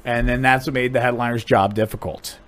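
A man's voice: fairly quick, a little hiss or hum. A man from Ohio, a comedian, chatting casually on a podcast and telling stories with a lot of restarts and swearing. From Dublin, Ohio, USA. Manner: animated storyteller, voice jumps high and loud when acting out people. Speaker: comedian guest.

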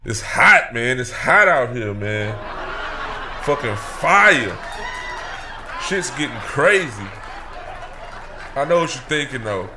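A man playing a brash, cocky talk-show loudmouth. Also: mid-range voice, very animated, slow pace, long pauses, noisy background. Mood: brash ranting. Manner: loud, swaggering, profane, laughs through lines. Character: brash, cocky male talk-show persona, always angry. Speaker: segment host. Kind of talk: comedic in-character rant.

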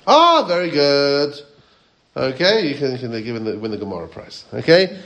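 A man's voice: mid-range voice, big pitch swings, moderate pace, fairly bright tone. Man, rabbi teaching a Torah class; questions the listeners, quotes Hebrew and Aramaic sources.

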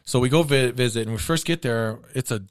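A man's voice: medium pitch, brisk, clean tone. A man telling a long personal story in casual chat, laughing often.

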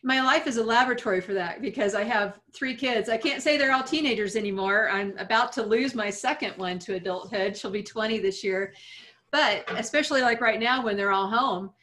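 A woman's voice: a little high, brisk, sharp tone. Earnest middle-aged woman sharing advice. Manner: earnest, reflective, laughs lightly. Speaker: guest speaker. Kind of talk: interview conversation.

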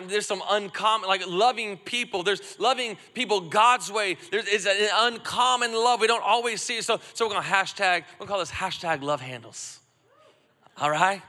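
Bright-voiced man preaching in a big hall. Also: high voice. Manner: call-and-response preaching, swings from loud to hushed. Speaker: pastor. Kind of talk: sermon. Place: church auditorium. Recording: long hall reverb, music faint behind.

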